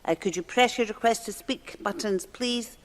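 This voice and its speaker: A woman chairing a parliamentary session as deputy presiding officer, brisk, procedural and firm. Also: mid-range voice. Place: large parliamentary debating chamber. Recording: long reverb of a chamber with a faint murmur of members.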